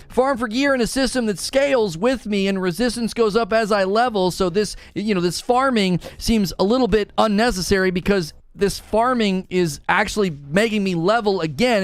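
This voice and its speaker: A man's voice: high-pitched, moderate pace, hardly any pauses, no echo. A man ranting sarcastically in a video commentary about a game, exasperated and mocking. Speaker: gaming commentator.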